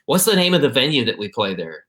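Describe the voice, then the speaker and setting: Rambling michigan guy on a video call, bright clear voice, lots of you-knows. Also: mid-range voice, quick pace. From Michigan, USA. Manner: rambling, relaxed storyteller with many fillers. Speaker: musician guest. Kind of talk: casual interview chat.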